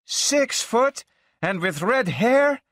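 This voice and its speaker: A man reading a story aloud, voicing a young woman who is jealous and easily upset, with a shrill, pleading delivery. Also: very animated, measured pace, fairly bright tone, no room sound, studio quality, heavily acted. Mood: screaming.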